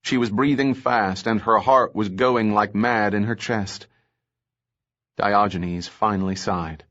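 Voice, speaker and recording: A man reading an audiobook in measured, steady scripted narration. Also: on the low side, highs cut off.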